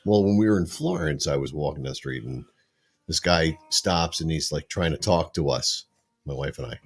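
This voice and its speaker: A man's voice: extremely low pitch, normal speed, breathy edge. A man co-hosting a podcast, telling travel stories in casual chat and laughing often. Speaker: podcast co-host.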